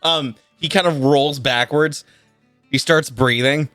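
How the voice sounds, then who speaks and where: A man narrating a tabletop game as game master over a voice call, animated and laughing often, with many fillers. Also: fairly high pitch, takes it slowly, no echo, faint music behind. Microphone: computer mic on a voice call.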